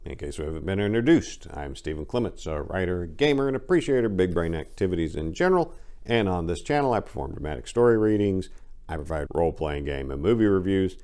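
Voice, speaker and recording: A man hosting his channel and giving an expressive, theatrical dramatic story reading. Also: deep voice. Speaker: writer and channel host.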